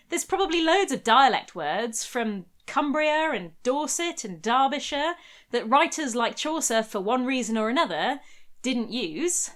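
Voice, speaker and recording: A woman's voice: a little high, fairly bright tone. A young woman narrating a scripted history video essay in a wry, conversational way.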